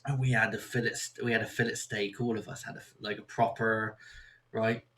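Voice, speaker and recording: A man's voice: fairly low pitch, little pitch movement, fairly quick, fairly bright tone. A man from Somerset with a West Country accent, hosting a casual chat and telling rambling stories. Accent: West Country English. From Somerset, England. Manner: rambling anecdotes, acts out quoted voices. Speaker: podcast host.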